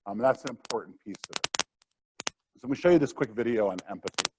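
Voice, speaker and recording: A man's voice: medium pitch, lively intonation, fast, noisy background. A middle-aged man presenting a live workshop lecture in a conversational way, with fillers and asides.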